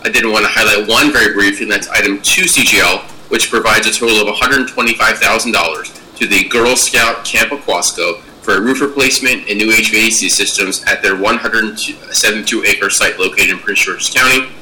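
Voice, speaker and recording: Fast-talking man giving an agenda report. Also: on the low side, pushed and bright, slight background noise, low-quality recording. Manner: businesslike, reads figures briskly. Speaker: state department secretary.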